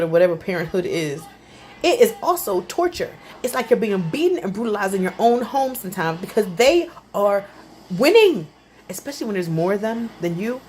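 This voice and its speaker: A young adult woman, a mother, ranting casually to camera about parenting, animated and exasperated. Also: a little hiss or hum. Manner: animated, exasperated, pitch jumps up for emphasis.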